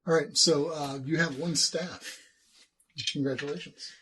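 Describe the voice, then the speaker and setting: A man as game master, narrating rules and combat with many pauses and fillers, recorded on a binaural microphone. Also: fairly high pitch, fairly even intonation, bright, forceful tone, breathy edge, rough recording. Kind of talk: running a tabletop game.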